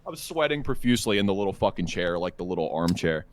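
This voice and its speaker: A young podcast co-host tells a crude, profane story in casual chat, rambling along with stammers and restarts. He talks fast in a low, expressive voice.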